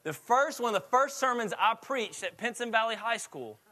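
High bright-voiced pastor. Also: male voice, expressive, moderate pace. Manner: chatty, laughs while telling stories. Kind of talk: sermon.

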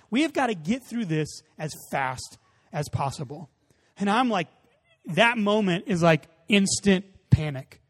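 A pastor preaching a sermon, telling a lively personal story and acting out the voices in it. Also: male voice, high voice, a little fast. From Texas. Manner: animated storytelling, acts out voices. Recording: long hall reverb.

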